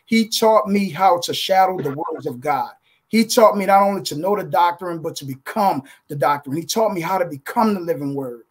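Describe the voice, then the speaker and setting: High-voiced preacherly man. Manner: preacherly, repeats "guys" and "listen". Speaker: contributing author. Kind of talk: motivational testimony. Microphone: video call.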